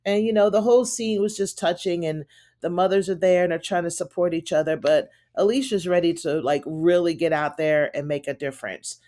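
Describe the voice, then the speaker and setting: A woman's voice: fairly low pitch, fairly quick, warm tone. A woman giving a casual, chatty recap of a TV episode, retelling the scenes in her own words with plenty of fillers. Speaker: TV show reviewer.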